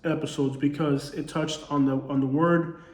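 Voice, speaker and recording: A man's voice: fairly high pitch, little pitch movement, moderate pace, echoey room. A man with a Southern accent, a comedy creator speaking in a casual commentary monologue, earnest and full of rhetorical questions. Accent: Southern US, Alabama-tinged.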